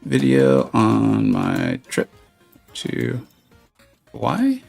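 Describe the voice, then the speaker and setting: Lively joking male game streamer. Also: lowish voice, extremely slow, gravelly, soft background music. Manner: joking, self-mocking, chats to viewers. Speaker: gaming streamer. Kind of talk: casual live-stream commentary.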